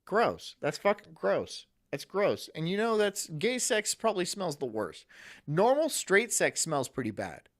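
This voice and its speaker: Crude sarcastic guy streaming, bright voice, swings all over, music faint behind. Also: high-pitched, sing-song, measured pace. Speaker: streamer host. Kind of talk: casual live-stream chat. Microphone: studio mic.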